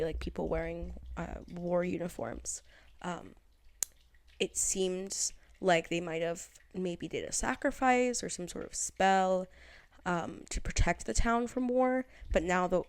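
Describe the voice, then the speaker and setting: A woman's voice: fairly low pitch, a little mellow, no echo. A woman vlogging to her phone camera in a casual, rambling way, full of fillers and tangents. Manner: chatty, filler-heavy, loose tangents. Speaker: vlogger reviewing a TV show.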